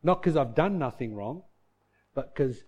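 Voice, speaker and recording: A husky-voiced male pastor preaches in an expressive, unhurried way, and the highs are cut off. He asks his congregation questions, answers them himself, and goes soft and low for heartfelt points.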